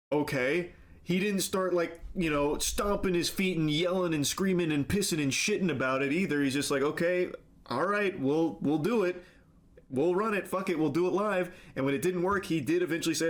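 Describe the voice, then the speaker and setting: Man, somewhat higher voice, steady explainer, wry remarks. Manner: measured explaining tone, sarcastic asides, acts out quotes. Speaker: commentator. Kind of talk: scripted commentary video.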